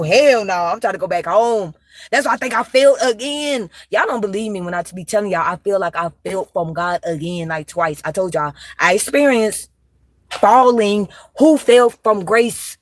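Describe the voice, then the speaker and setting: A woman's voice: medium pitch, no room sound. A young woman chatting on a livestream, rambling and emphatic, with plenty of slang and swearing, confiding straight to her viewers. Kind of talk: casual livestream chat.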